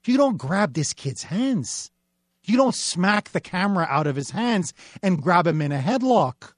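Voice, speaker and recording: A man hosts a talk radio show with a high, pointed voice, building an emphatic and indignant monologue. He is recorded close and dry in the studio, with no room sound around him. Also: very animated, a little slow, dry recording.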